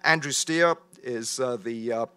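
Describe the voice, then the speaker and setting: A man's voice: medium pitch, bright, forceful tone, clean tone. A man hosting a policy event, introducing speakers with many hesitations and filler sounds. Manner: halting, many filler uhs. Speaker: event host. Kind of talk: introducing a panel.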